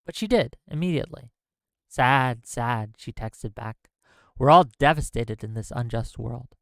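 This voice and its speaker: A man's voice: medium pitch, expressive, a little slow, gravelly, fairly bright tone, no echo. A man hosting a political commentary stream, ranting heatedly with profanity and reading an essay aloud. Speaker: stream host.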